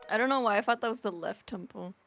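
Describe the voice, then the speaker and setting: A woman's voice: medium pitch, fast, creaky, a bit bright, faint music behind. A woman co-streaming a game, giggly and teasing in casual commentary.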